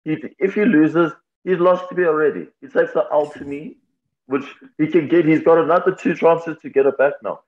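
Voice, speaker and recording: A man's voice: on the high side, moderate pace, a little mellow. A man, a fighter talking candidly and reflectively in an interview, laughing easily. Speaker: MMA fighter, guest. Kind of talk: casual interview talk. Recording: tinny phone-like line.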